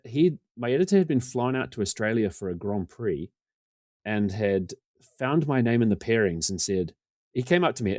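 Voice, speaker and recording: A man's voice: on the low side, warm tone, no echo. A man, a podcast guest telling rambling, self-deprecating stories and acting out what people said. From New Zealand. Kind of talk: casual storytelling.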